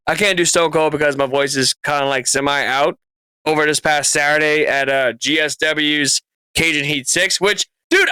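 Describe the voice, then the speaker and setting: Rambly podcast cohost guy, dry close sound, bright tone. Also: fairly high pitch, smooth, no echo. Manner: rambling with lots of fillers. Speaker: podcast co-host. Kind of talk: casual chat.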